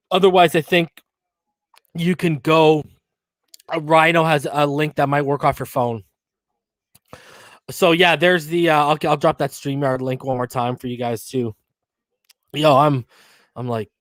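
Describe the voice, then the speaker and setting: Brief: slangy, pumped-up male stream host, slightly high voice, dry close sound. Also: unhurried, pauses often, no echo. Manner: excited, loose and slangy, shouting out viewers. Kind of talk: casual live football chat.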